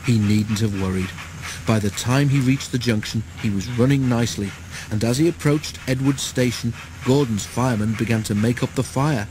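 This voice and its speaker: A man reading a children's train storybook aloud in an expressive way. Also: mid-range voice, moderate pace, noisy background.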